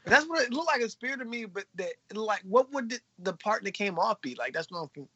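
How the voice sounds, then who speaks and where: A husky-voiced co-host throws out blunt, profane reactions in casual chat. The pitch moves a lot, and the recording sounds dull and lo-fi, close and dry. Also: very animated, brisk, a bit bright, no echo. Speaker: podcast co-host.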